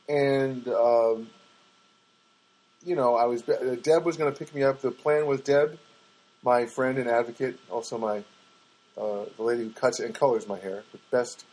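Podcast host, male, husky voice, rambling self-mocking storyteller. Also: darkish tone, rough recording. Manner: rambling, self-mocking, mimics others in a high voice. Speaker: podcast host and stand-up comic. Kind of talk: casual storytelling monologue. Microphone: podcast microphone.

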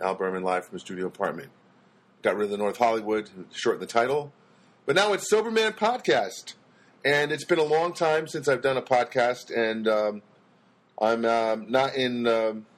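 A man talks alone into a podcast mic in a loose, wandering comic monologue. He hesitates constantly with ums and restarts, then drops dry self-mocking asides. His voice sits at an ordinary middle pitch. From United States. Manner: meandering, self-deprecating, full of ums and restarts. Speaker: podcast host and stand-up comedian.

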